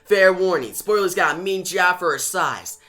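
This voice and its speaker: A man voicing a young, determined male hero, speaking quietly and earnestly. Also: high voice, normal speed.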